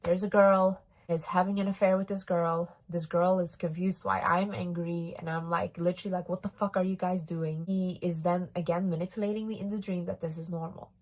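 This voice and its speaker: A woman's voice: fairly low pitch, little pitch movement, a little fast, few pauses. Young woman telling a candid story. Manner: candid, emphatic and swears freely. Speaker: vlogger. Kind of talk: casual storytelling to camera.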